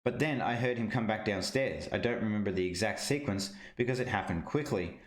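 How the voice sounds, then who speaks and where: A man reading a first-person witness statement aloud in a steady, measured way. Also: fairly low pitch, echoey room.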